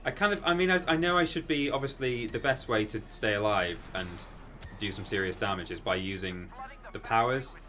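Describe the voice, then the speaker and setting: A man chatting casually while streaming a video game, rambling and bursting into excited exclamations. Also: lowish voice, brisk, slight background noise. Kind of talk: casual gaming stream commentary.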